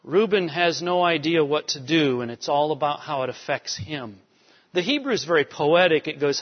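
A man's voice: on the high side, lively intonation, normal speed. A man teaching a Bible lecture in a conversational way, checking in with rhetorical questions. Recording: dull recording with long hall reverb.

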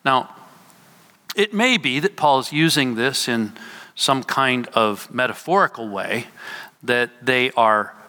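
Bright-voiced man preaching in a hall. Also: medium pitch, takes it slowly, smooth. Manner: explains scripture, voices quoted lines with emphasis. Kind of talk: sermon teaching. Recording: hall reverb.

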